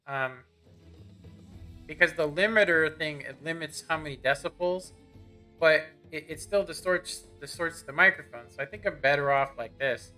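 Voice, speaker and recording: A bright, slightly high-voiced man chats loosely through a live game stream at his home setup. He rambles, clears his throat now and then, and talks straight into a desk microphone. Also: normal speed, faint music behind. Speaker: gaming streamer. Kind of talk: casual live-stream commentary.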